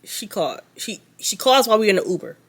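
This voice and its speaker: A young adult woman vlogging a story in casual chat, animated and gossipy with sarcastic asides. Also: mid-range voice, quick pace, slightly rough.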